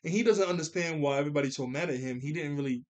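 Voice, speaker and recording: A man casually recapping a cartoon episode on camera, animated and slangy, laughing often and leaning on "like". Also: on the high side, racing. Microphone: camera mic.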